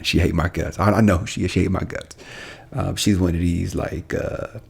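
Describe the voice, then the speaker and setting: A man's voice: sits low, moderate pace, vocal fry, slightly rough. A man, a police officer, telling a story casually on a podcast and acting out what people said. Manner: animated storyteller, acts out quotes.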